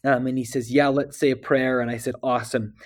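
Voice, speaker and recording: A man speaks with earnest feeling, often pausing and restarting his sentences. His voice sits in a middle pitch, and he talks like a guest reflecting on scripture in a podcast conversation. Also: level tone. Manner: earnest, emotional, halting with restarts. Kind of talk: heartfelt scripture discussion.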